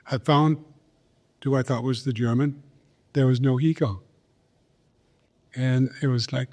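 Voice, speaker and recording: An older man telling a personal story in an interview, slow and earnest, repeating phrases for emphasis. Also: mid-range voice, steady tone, darkish tone. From Pine Ridge Reservation, South Dakota, USA. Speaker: guest, Olympic champion. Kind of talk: reflective storytelling in a podcast interview.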